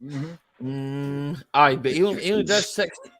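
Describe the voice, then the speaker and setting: A man's voice: fairly high pitch, moderate pace, a crowd in the background. A man hosting a live stream chat, talking casually, swearing and saying "aye" a lot. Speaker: stream host.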